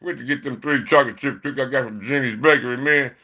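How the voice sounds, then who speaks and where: A man's voice: medium pitch, fast talker, sharp tone. A man talking to his viewers in a loose, rambling monologue, peppered with "man" and "you know". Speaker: vlogger.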